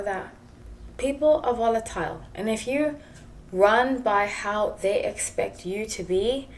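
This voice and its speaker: A woman's voice: a little high, darkish tone, a little hiss or hum. A woman with a South African English accent, a tarot reader talking casually and rambling, with frequent laughter. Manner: chatty, rambling, laughs often. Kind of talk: casual tarot reading monologue.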